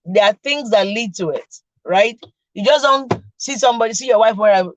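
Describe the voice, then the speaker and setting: A woman's voice: on the high side, brisk, no echo, muffled recording. A middle-aged woman with a Nigerian accent hosting a casual chat, laughing often and teasing her viewers directly. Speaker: podcast host.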